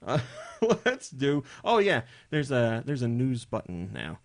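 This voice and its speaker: A man of ordinary pitch hosting a casual podcast. He talks in a loose, chatty way, joking and drifting into side remarks. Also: wildly swooping pitch, measured pace. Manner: chatty and jokey, rambling asides. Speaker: podcast host.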